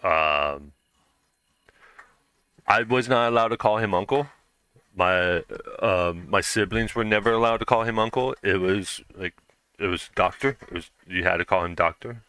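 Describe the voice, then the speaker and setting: A man's voice: low-pitched, measured pace, sharp tone, clear, resonant tone, dry recording. A young man chatting casually while streaming a game, rambling through a story with lots of fillers and restarts.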